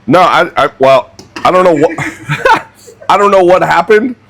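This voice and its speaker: A young man who cooks at a barbecue restaurant, telling a funny story in a casual, animated, self-mocking way as he works in the kitchen. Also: high voice, measured pace. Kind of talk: casual storytelling while cooking.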